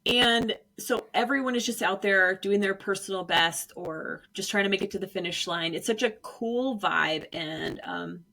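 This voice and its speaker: A woman co-hosting a podcast, telling stories in a casual, animated way and acting out what people said with big jumps in pitch and bursts of laughter. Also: moderate pace, gravelly, few pauses. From Arizona, United States. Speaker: podcast co-host. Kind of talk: casual storytelling chat.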